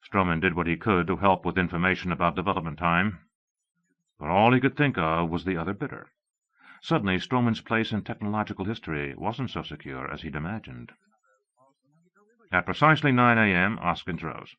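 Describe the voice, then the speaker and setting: Deep-voiced man reading a thriller. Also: lively intonation, fairly quick. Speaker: audiobook narrator. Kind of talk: scripted narration. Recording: dull lo-fi cassette audio.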